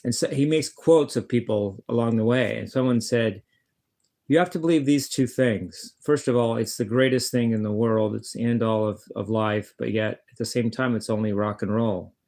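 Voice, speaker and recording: A man's voice: medium pitch, normal speed, darkish tone. A man talking casually to the camera in a blunt, rambling monologue, often swearing and stumbling over his words as he restarts sentences. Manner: blunt, swears, many restarts and stammered repeats. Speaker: vlogger, guitarist.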